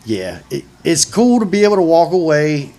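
A man in his forties hosting a casual chat, talking in a halting, rambling way with frequent restarts. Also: on the high side, huge pitch swings, mellow. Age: 40s.

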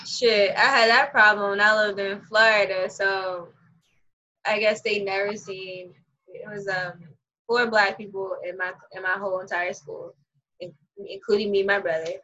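A young adult woman telling stories in a casual chat over a video call, animated, profane and quick to laugh. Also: mid-range voice. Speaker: conversation partner. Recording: muffled video-call audio.

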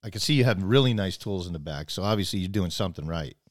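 A man's voice: sits low, animated, fast, no room sound, clean studio sound. A man telling a long personal story in casual chat, rambling, restarting his sentences, and acting out both sides of the conversation.

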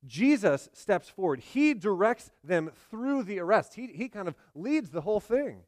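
A man delivering a sermon in a somewhat high-pitched voice. The sound is dry and close, with no room around it. He swings between forceful emphasis and quiet, hushed passages. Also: sing-song, normal speed, no echo. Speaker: pastor.

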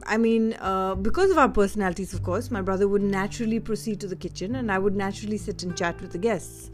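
A woman from Delhi shares personal stories in a candid, reflective way, often pausing to search for her words. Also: medium pitch, faint music behind. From India (Delhi). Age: adult. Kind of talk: personal storytelling monologue.

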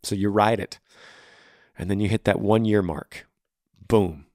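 A man's voice: on the low side, steady tone, unhurried, a little mellow, dry recording, studio quality. A podcast host in his thirties answering a listener's question on grief, blunt and earnest, speaking in repeated rhythmic phrases. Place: home room.

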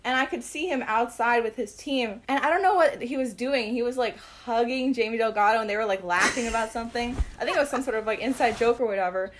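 Young woman, slightly high voice, eager and giggly anecdote teller. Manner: excited, giggly, lots of fillers. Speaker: guest telling a story. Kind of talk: casual storytelling.

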